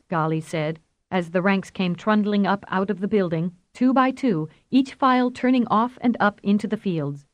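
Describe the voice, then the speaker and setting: A woman narrating a science fiction audiobook in a steady, even reading voice. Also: medium pitch, normal speed. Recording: roomy echo.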